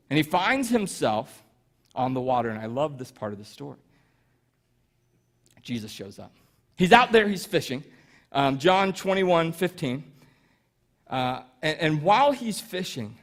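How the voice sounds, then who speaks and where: A male pastor preaching with a high, light voice for a man. He retells a Bible story casually, drops in self-deprecating asides, and keeps a relaxed, chatty delivery. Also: measured pace, pauses often. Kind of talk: sermon.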